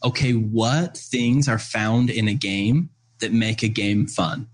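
A man's voice: on the low side, slow. A man telling a story and explaining an idea in casual conversation, earnest, with many "uh"s and "right?"s. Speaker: guest speaker on parenting.

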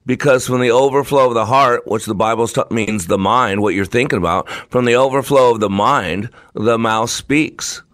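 A man's voice: mid-range voice, normal speed, few pauses, fairly bright tone, no room sound. A man hosting his own talk show, delivering an emphatic, repetitive, preacher-like monologue. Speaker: show host.

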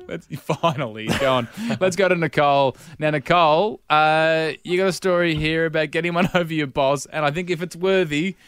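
High-voiced radio co-host. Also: male voice, moderate pace, clear, resonant tone. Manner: animated storyteller, laughs often, self-mocking. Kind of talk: casual radio banter.

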